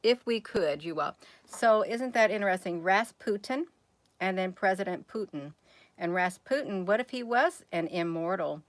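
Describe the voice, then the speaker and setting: Woman vlogger, mid pitch, rambling rhetorical questions, dry close sound. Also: animated, normal speed, no room sound. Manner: rambling, asks viewers many rhetorical questions; addresses viewers as "you all". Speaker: channel host. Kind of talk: casual musing vlog.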